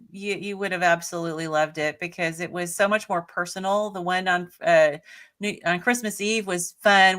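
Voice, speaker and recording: A woman's voice: lowish voice, fairly bright tone. Chatty enthusiastic woman on a livestream. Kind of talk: casual live Q&A chat.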